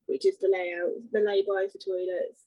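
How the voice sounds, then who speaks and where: A woman's voice: medium pitch, little pitch movement, normal speed, no echo, dull audio. A woman talking thoughtfully as a podcast co-host, laying out her points one by one. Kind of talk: casual chat reviewing a TV drama.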